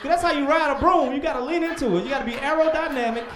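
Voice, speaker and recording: A young man doing a stand-up comedy set on a club stage, animated, breaking into loud shouted voices for punchlines. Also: very high voice, racing, echoey room, slight background noise.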